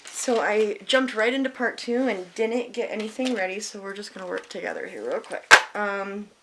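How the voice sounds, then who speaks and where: A woman's voice: medium pitch, normal speed, heavy background noise. A middle-aged woman chatting bluntly and candidly through a makeup tutorial at home, swearing freely. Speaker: beauty vlogger. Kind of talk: casual makeup tutorial chat.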